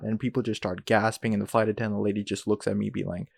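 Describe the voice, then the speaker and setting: A young man hosting a podcast, rambling through a story with lots of "like" and quick asides. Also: lowish voice, gravelly, no echo. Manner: rambling, animated retelling with frequent "like" and asides. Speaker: podcast host. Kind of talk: casual storytelling.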